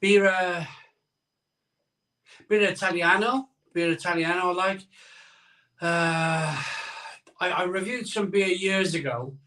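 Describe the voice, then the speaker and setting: A man's voice: high-pitched, steady tone, slow, long pauses, bright, forceful tone, far from the mic. A man hosting a casual live stream from home, rambling and reading out viewer comments.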